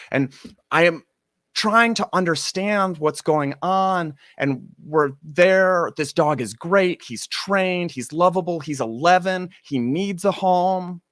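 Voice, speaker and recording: A man telling a personal story on stage, animated, acting out the people he quotes with sudden jumps in voice. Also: a little high, takes it slowly, dry recording, studio quality.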